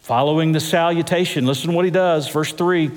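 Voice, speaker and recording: A man preaching a sermon as pastor, swinging his pitch and drawing words out for emphasis. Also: a little fast. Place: large church hall. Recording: echoey church hall.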